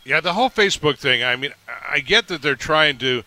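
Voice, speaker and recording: A man hosts a live sports radio broadcast, talking at a brisk clip and steering the conversation. His tone is very bright and sharp-edged. He sounds upbeat and quick on his feet. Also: a little high, animated, no echo. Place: live remote broadcast at a racetrack. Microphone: broadcast microphone.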